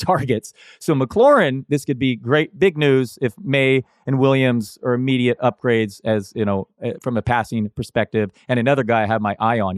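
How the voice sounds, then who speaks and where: A man co-hosting a fantasy football podcast, talking casually in a halting way, stopping and restarting his thoughts. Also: mid-range voice, no echo, clean studio sound. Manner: halting, lots of fillers and restarts, chuckles now and then. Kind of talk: casual sports analysis chat.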